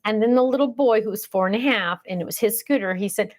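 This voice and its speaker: A middle-aged woman chats casually on a livestream, wandering from story to story and stopping to read viewer comments aloud. Her voice sits at an ordinary middle pitch. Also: quick pace. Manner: chatty, rambling, reads viewer comments aloud. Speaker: livestream host.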